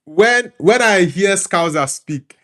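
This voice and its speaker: A Nigerian man with an Igbo background hosting a relaxed football talk show, reading out chat comments and answering them in an easygoing way. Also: high voice, slow. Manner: easygoing, repeats words while thinking. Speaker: host reading live chat.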